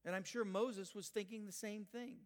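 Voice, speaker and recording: An older male pastor delivers a sermon in a high-pitched, emphatic voice. He swings between loud, urgent quotations and soft, earnest asides to his congregation. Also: steady tone, normal speed. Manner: emphatic, rising loud when quoting, dropping soft for asides.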